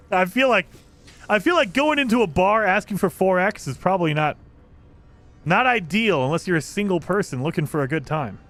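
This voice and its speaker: A man's voice: high voice, lively intonation, normal speed, a bit bright. A man chatting casually on a live stream, reading chat aloud, laughing often and restarting his sentences.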